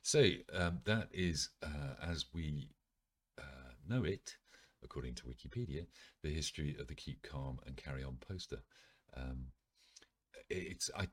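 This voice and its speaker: A man's voice: a bass voice, a little slow, pauses often, slightly rough. A man reading an article aloud, then breaking off for wry asides with frequent ums. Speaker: video presenter.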